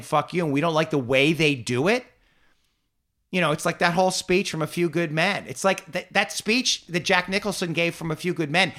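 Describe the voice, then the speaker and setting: A man's voice: fairly high pitch, sharp tone. A man hosting a podcast, ranting heatedly, swearing constantly and repeating himself. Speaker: podcast host. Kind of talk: heated conversational rant.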